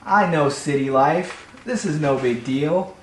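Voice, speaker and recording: A man's voice: on the high side, a little slow, natural voice. A man voicing a brash, swaggering young city tomcat with a cocky, streetwise drawl, recorded in an echoey room. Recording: echoey room, faint hum.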